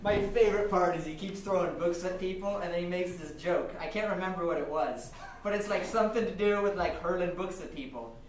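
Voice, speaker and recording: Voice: medium pitch, brisk, few pauses, a little hiss or hum. An improv comedy performer on a theater stage, playing interviewer with giggly, playful delivery. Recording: echoey theater, far from mic.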